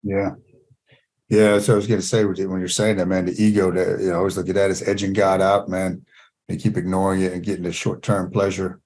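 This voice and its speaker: A man's voice: deep voice, little pitch movement, fast talker, darkish tone. A man hosting a podcast, talking in a casual, enthusiastic way and often saying "man". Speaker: podcast host. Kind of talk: casual conversation.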